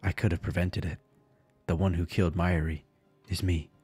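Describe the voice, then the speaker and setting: A man's voice: low-pitched, little pitch movement, moderate pace, darkish tone, husky, soft background music. A man streaming a visual novel, reading it aloud dramatically and breaking into crude, jokey asides.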